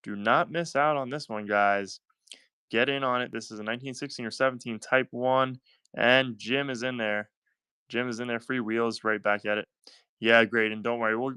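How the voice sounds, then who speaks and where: A man's voice: fairly low pitch, fairly even intonation, normal speed, bright, forceful tone, smooth, no room sound. A man with a Southern US accent hosting a live-stream coin auction, talking in upbeat, chatty selling patter and thanking buyers by name.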